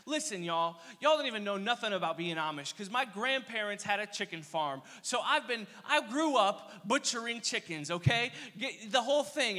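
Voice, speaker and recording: A young man preaching a casual youth sermon, telling energetic, slangy stories with playful asides. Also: high-pitched. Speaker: youth pastor. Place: church hall. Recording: long reverb of a church hall.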